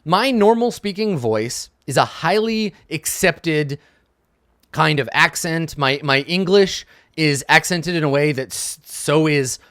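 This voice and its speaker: A man's voice: on the high side, lively intonation, takes it slowly, a bit bright, dry recording, studio quality. A young adult man, a game master, giving casual advice to camera in a thoughtful way, often checking in with "right?".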